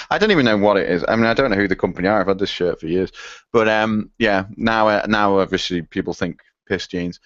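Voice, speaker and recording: Low-voiced rambling podcast co-host man. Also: a little fast, fairly bright tone, dry recording, dull audio. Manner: rambling, lots of fillers and laughs. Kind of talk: casual chat, reading listener emails.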